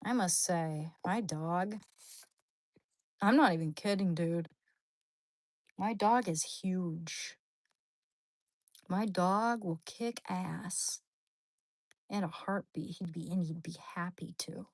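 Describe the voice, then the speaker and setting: Lady streamer rambling to chat, slangy, lowish voice, super dry mic. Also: slow, pauses often, dry recording. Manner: rambling and animated, slangy, with sudden high squeals. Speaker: livestream host. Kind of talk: casual chat with viewers.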